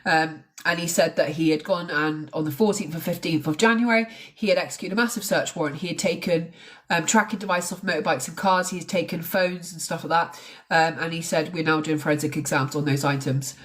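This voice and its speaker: A woman's voice: lowish voice, a little fast. Chatty woman live-streaming true crime. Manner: chatty, swears, mocks accents. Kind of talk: casual live-stream chat.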